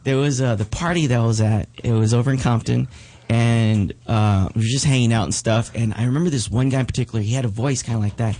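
A man's voice: medium pitch, quick pace. A man, a magician now doing comedy, chatting casually and acting out the people in his stories. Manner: animated storyteller, acts out quoted voices. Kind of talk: casual chat.

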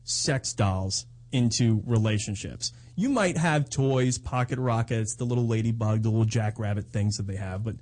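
A man's voice: on the low side, normal speed, hardly any pauses, a little mellow. A married man co-hosting a casual talk show, cracking teasing jokes. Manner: wisecracking, teasing. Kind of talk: casual comedic banter.

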